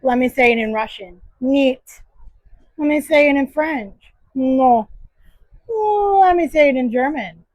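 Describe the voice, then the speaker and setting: A woman's voice: high voice, lively intonation, moderate pace, no room sound, low-quality recording. A woman book vlogger casually reviewing her monthly reads, enthusiastic and emphatic.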